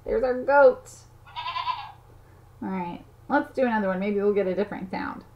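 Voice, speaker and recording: A woman's voice: mid-range voice, moderate pace. A woman giving a playful lesson to toddlers, counting aloud and making animal sounds in a sing-song way. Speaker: children's teacher. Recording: slightly dull audio, faint noise.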